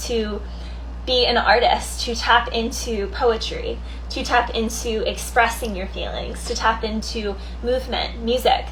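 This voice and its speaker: A woman's voice: on the high side, fairly bright tone, slight background noise, low-quality recording. A woman doing a casual tarot card reading, chatty, thinking aloud and laughing easily. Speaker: tarot reader.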